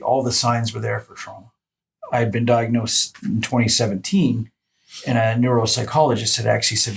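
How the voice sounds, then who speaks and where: A man's voice: mid-range voice, creaky, husky. A man hosting a podcast, speaking earnestly and searching for his words. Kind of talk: casual conversation.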